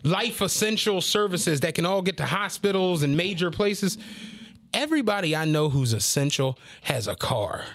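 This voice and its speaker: High-voiced man telling animated stories. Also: moderate pace, slight background noise. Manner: animated, profane storytelling with acted-out quotes. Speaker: podcast co-host. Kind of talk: casual chat, storytelling.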